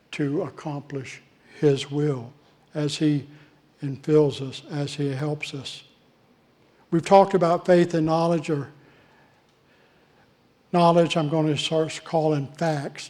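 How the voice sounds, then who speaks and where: A male pastor preaching a sermon in a measured way, with deliberate pauses between phrases. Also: on the high side, darkish tone. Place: church.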